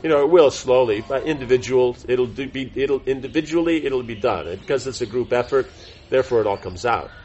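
A man's voice: medium pitch, brisk, darkish tone, highs cut off, slight background noise. A man teaching a devotional class in an informal, rambling way, full of fillers and self-corrections. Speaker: spiritual teacher giving a class.

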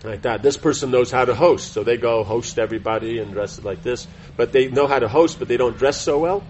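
A man's voice: medium pitch, fairly quick, a little mellow, muffled recording, slight background noise. A man teaching a devotional class in an informal, rambling way, full of fillers and self-corrections. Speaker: spiritual teacher giving a class.

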